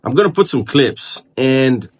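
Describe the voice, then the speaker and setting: A man speaks straight to his channel's viewers in a loose, unscripted way. His voice sits at an ordinary mid pitch for a man. He often stalls, repeats a word and starts over while he works through his thoughts. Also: lively intonation. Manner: halting, repeats words and restarts while thinking aloud. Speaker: channel host. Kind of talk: casual vlog commentary.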